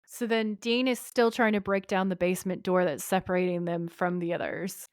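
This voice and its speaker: A woman's voice: fairly low pitch, normal speed, clean tone, no echo, studio quality. A woman co-hosting a podcast, casually recapping an episode and acting out the characters' lines as she goes. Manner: animated retelling, acting out quoted lines. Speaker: podcast co-host.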